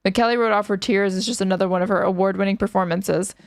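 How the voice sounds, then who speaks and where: A woman's voice: mid-range voice, fairly even intonation, fast, no echo, studio quality. Sarcastic woman reading news aloud. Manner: sarcastic, reads articles aloud with asides. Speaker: streamer reacting to news clips. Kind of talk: casual commentary over clips.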